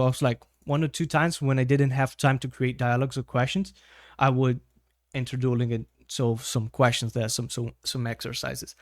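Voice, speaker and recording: A man's voice: medium pitch, no room sound, studio quality. Brazilian-accented man teaching English casually. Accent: Brazilian Portuguese. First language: Portuguese. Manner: conversational, frequent tag questions. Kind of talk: casual video-call style lesson.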